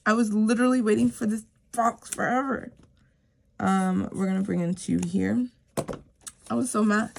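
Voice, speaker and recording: Chatty New woman with gravelly voice. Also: medium pitch, background noise. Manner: chatty, repeats herself for emphasis, talks to viewers. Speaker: savings challenge vlogger. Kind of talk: casual chatty vlog while stuffing cash envelopes.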